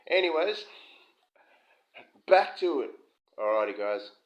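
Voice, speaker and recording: A man's voice: on the high side, big pitch swings, takes it slowly. A man giving a casual, rambling whisky review from his home kitchen, full of asides. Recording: dull lo-fi sound with slight room echo.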